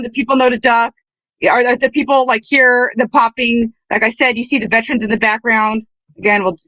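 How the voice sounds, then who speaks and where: A woman hosting a casual livestream, talking in an earnest, halting and apologetic way. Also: a little high, bright, forceful tone, no room sound. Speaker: livestream host.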